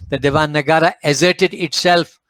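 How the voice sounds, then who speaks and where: A man with a Malaysian English accent giving a formal slide presentation in a measured, emphatic lecturing manner with occasional hesitations. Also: on the high side, steady tone, fairly bright tone, dry recording. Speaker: speaker at a panel forum.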